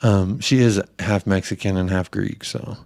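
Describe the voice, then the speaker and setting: A man's voice: low voice, fairly even intonation, moderate pace, vocal fry, darkish tone, no room sound. A young man hosting a podcast, telling stories in crude, profanity-heavy casual chat. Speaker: podcast host.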